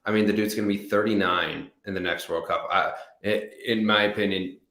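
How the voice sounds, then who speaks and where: American male co-host, deep voice, laid-back sports banter, roomy sound. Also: fairly even intonation, fairly quick, pushed and bright. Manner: casual, repeats words as he starts sentences. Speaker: podcast co-host. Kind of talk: sports analysis chat.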